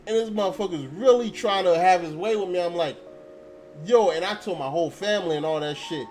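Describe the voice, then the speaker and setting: A man's voice: high voice, quick pace, a little mellow, soft background music. A young man telling a story in a blunt, profane casual rant, acting out quoted dialogue. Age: young adult. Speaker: channel host. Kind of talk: casual ranting monologue.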